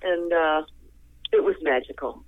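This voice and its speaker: A man guest talking on the phone, telling a long story in a rambling, animated way. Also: measured pace, dry recording. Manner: animated, rambling, jumps to high pitch in quoted reactions. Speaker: interview guest, singer. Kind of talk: casual storytelling. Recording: tinny phone line.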